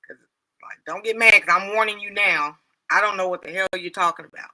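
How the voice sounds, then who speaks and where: A woman's voice: mid-range voice, brisk, sharp tone, low-quality recording. A woman hosting a livestream in casual chat, frank and laughing often. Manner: laughs a lot, frank and joking. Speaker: livestream host.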